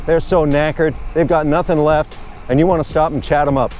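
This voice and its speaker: A man's voice: a little high, steady tone, fairly quick, darkish tone, slight background noise. A man chatting casually and rambling good-humoredly while riding his bike outdoors. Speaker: vlogger. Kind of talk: casual narration while cycling.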